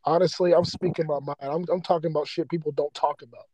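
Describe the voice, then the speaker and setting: Profane, impassioned high-voiced man. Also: steady tone, quick pace, warm tone, breathy edge, no room sound, poor audio. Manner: impassioned, heavily profane, rambling. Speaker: podcast host. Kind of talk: casual podcast rant.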